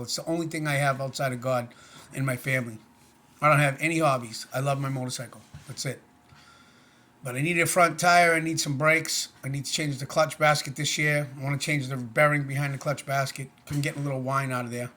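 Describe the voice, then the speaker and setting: A man's voice: on the high side, pushed and bright. A middle-aged man talking to camera in a casual personal vlog, earnest, plainspoken and rambling. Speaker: vlogger.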